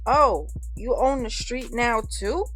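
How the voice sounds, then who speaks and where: A woman's voice: on the high side, slow pace, fairly bright tone, faint music behind. A woman voicing a menacing young male rival who taunts in a sarcastic way. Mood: taunting.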